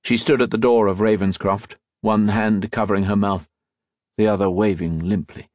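A man reading a novel aloud as an audiobook narrator, with expressive storytelling. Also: on the low side, moderate pace, no room sound. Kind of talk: scripted narration.

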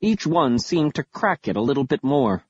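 Man, audiobook narrator, husky voice, animated pitch, dull lo-fi audio, dry. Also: normal speed, no room sound. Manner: wry, dramatic, lively delivery. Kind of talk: first-person audiobook narration.

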